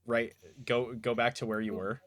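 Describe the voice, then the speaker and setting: A man narrating a tabletop role-playing game as game master, in a casual, animated way. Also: medium pitch, normal speed.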